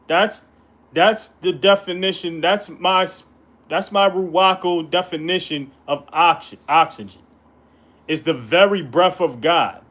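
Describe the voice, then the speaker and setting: A man's voice: on the high side, a bit bright. A man teaching the Bible in an informal way, reading verses aloud and breaking in with colloquial, emphatic commentary.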